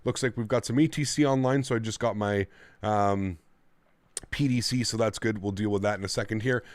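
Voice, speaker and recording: A man's voice: fairly low pitch, a little fast, no echo. A man streaming a flight simulator, chatting casually and thanking his viewers in a friendly way. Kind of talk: casual livestream commentary.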